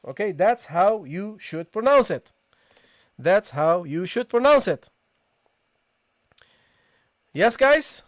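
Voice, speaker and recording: A recitation teacher giving a live online tajweed lesson, who explains patiently, often checks in with the class, addresses listeners casually, and slowly repeats the sounds being taught. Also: medium pitch, very animated, no echo, studio quality.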